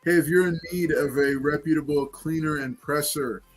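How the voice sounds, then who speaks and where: A man's voice: fairly high pitch, steady tone, normal speed, faint music behind. A man hosting a casual livestream chat and giveaway, talking loosely with many fillers. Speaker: livestream host running giveaways.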